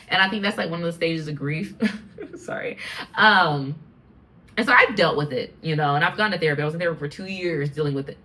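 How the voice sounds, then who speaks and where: An American woman in her twenties hosting a casual solo podcast chat, animated and rambling, with frequent laughs. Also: mid-range voice. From United States. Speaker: podcast host.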